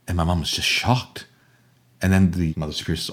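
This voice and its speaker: An older man from Germany, a storyteller guest telling a childhood tale theatrically, acting out voices and swinging from hushed to loud. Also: sits low, fairly even intonation, brisk, soft background music. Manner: theatrical, acts out voices, swings from whispers to shouts. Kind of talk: animated oral storytelling.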